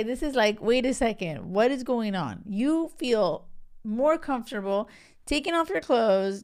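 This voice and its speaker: A woman with a smooth, medium-pitched voice hosts a solo podcast as a relationship coach. She talks casually, frankly and candidly, mixing in swearing and laughter.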